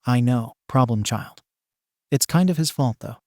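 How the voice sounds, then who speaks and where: A tired, dry-humored male teacher and guardian, as a man reads him in a fan fiction story. The voice is middling in pitch, and the sound is dry and close. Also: expressive, a little slow, darkish tone, no room sound.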